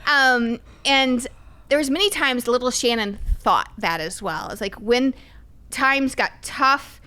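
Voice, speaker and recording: A middle-aged woman speaks candidly on a podcast, animated and emphatic as she tells her stories. Her voice sits fairly high and comes across smooth and clear. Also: takes it slowly. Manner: lively, animated, emphatic storytelling. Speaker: podcast guest. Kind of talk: candid conversational storytelling.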